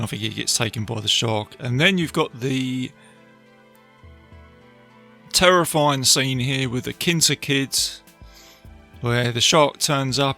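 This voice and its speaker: A man hosting a podcast, casually retelling a film with animated asides to his listeners. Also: mid-range voice, creaky. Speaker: podcast host reviewing a film. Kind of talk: casual film review talk.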